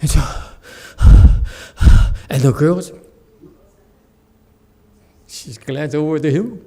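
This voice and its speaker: A man's voice: fairly high pitch, drawn-out words, pauses often. A man giving a Buddhist dharma talk as a meditation teacher, telling a story with laughs and acted voices. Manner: animated storyteller, laughs often, acts out the voices.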